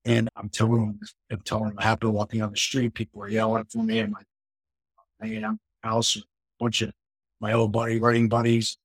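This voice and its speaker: Telling a personal story on a podcast where he's a guest, this middle-aged man from New York rambles casually, full of restarts and "you know" fillers. He speaks fairly quickly in a lowish, husky monotone, and the recording is rough, with no room sound.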